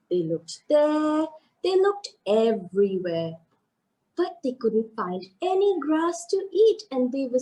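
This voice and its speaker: A woman narrating a children's story live, animated and sing-song, asking her listeners questions. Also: sits high, poor audio.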